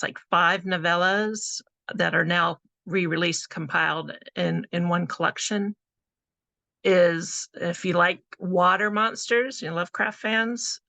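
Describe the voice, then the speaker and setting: Gravelly, bright-voiced woman presenter. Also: lowish voice, no echo. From California. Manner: chatty, conversational, with frequent fillers. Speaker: author giving a presentation. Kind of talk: casual presentation talk.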